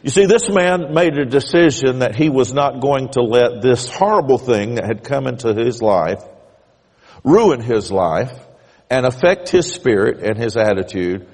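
A man preaching a sermon as pastor, telling a story in a measured way and rising emphatically on key points. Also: medium pitch, expressive, darkish tone. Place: church sanctuary. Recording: church hall reverb.

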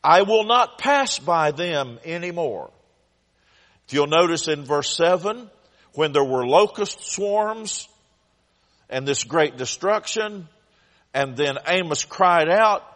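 Male pastor, fairly high voice, slow and dramatic preaching, long echo. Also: animated, fairly bright tone. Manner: dramatic, crying out in Scripture voices. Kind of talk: sermon. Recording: long hall reverb.

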